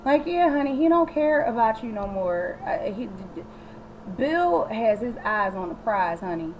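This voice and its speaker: A sassy, animated woman recaps an episode in a casual vlog. Her voice sits a little high, and she talks straight to the viewer. A faint hiss runs under the recording. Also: moderate pace, highs cut off. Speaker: TV recap vlogger.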